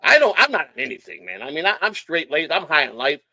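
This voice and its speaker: A middle-aged man from Chicago telling hyper, rapid stories in casual chat, swearing freely. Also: on the high side, huge pitch swings, bright, forceful tone, no echo. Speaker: guest.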